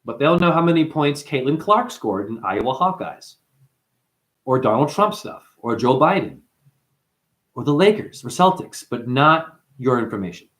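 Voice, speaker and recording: A man talks to his livestream chat about spirit and light, his voice swinging widely up and down as he goes. He calls listeners honey and breaks into chanted mantras. His pitch sits at a middling level for a man. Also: big pitch swings, normal speed, fairly bright tone.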